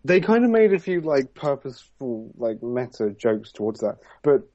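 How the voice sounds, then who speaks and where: A man with a mellow, dark voice joins a casual podcast conversation. He speaks in a doubtful way and hedges his points. The sound is dry. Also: mid-range voice, sing-song, normal speed, no echo, lo-fi sound. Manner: doubtful, hedging. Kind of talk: casual chat.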